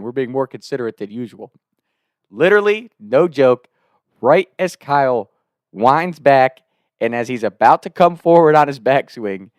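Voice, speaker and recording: A young man telling a funny story to the camera in a casual, animated way, laughing and swearing freely. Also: on the high side, clear, resonant tone, no echo, studio quality. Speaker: storyteller host.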